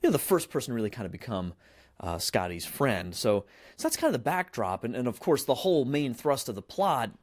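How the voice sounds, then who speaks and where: A man's voice: medium pitch, wildly swooping pitch, brisk, no room sound, clean studio sound. A man hosting a podcast, retelling a film plot in a rambling, casual way full of fillers and restarts. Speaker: podcast host.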